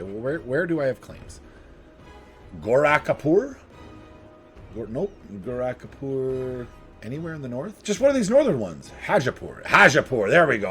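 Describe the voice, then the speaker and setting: A man thinking out loud while he plays a strategy game, chatting casually with the odd chuckle. His pitch moves a lot, rising and dipping with each thought. Faint music plays underneath. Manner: thinks aloud, chuckles, talks to himself. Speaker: gaming video host.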